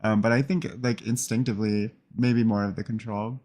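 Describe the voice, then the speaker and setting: A man's voice: fairly low pitch, steady tone, moderate pace, darkish tone. A male panelist on a casual podcast, giving thoughtful, hedged opinions. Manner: thoughtful, hedging with "I think".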